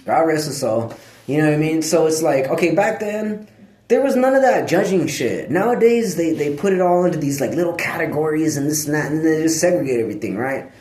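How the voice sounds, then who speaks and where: A man talks straight to camera in a loose, digressive monologue, full of slang and swearing. His voice sits a little high for a man. The sound bounces around a bare, echoey room. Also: expressive, a little fast, darkish tone. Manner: profane, slangy, digressive, breaks off to scold his dog. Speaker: vlogger. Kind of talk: rambling casual monologue.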